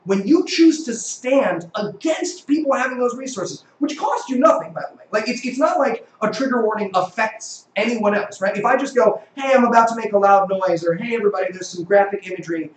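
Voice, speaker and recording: A man's voice: high-pitched, brisk, hardly any pauses, roomy sound, rough recording. A man who is a guest in a live debate and argues in an earnest, explanatory way.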